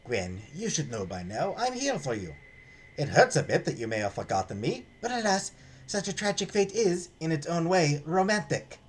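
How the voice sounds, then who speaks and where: A man's voice: on the high side, very animated, normal speed, a little hiss or hum. Man doing a flowery French-accented gallant. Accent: French (put on). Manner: flowery, courtly, romantic. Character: snooty French-accented young male art graduate.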